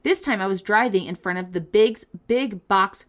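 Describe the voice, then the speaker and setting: A woman's voice: medium pitch, normal speed. A woman co-hosting a casual podcast, reading listener stories aloud with playful comic asides and frequent laughter.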